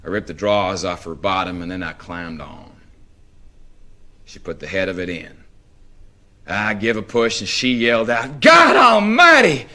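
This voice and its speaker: A man with a Southern US accent giving a live dramatic reading of a first-person story in a slow, wry drawl. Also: low voice, fairly bright tone. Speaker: reader.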